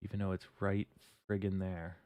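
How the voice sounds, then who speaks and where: A man's voice: low-pitched, moderate pace. A man hosting a casual livestream, talking things through as he works and swearing lightly at his own slips. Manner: relaxed, muttering, swears and laughs at his own mistakes. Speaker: livestream host. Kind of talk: casual livestream chat while coding and reading charts.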